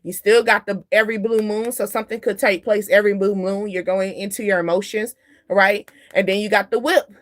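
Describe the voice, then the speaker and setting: A woman's voice: mid-range voice, steady tone, brisk. A woman giving a casual spiritual card reading straight to camera, chatty and loose, often turning to the viewer with side remarks and drifting off topic. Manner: drifts off topic and laughs at herself. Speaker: tarot card reader.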